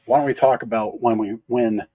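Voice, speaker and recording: A man with a husky, slightly breathy voice talks shop in an easygoing, joking way, dropping sarcastic asides as he goes. The sound is dry and squeezed into a narrow, phone-like band. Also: mid-range voice, fairly even intonation, a little fast, no room sound. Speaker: mattress store owner co-hosting a local show. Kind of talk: casual business chat.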